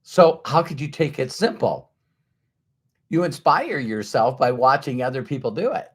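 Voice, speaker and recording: Animated man giving a motivational talk. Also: medium pitch, moderate pace, husky. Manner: animated and conversational, acts out doubters' voices. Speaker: motivational speaker.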